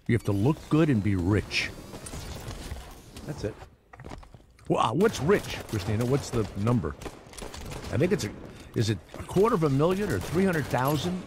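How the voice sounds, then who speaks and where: A man's voice: mid-range voice, background noise. A middle-aged man hosting a morning radio show, rambling and sarcastic, with lots of restarts and asides.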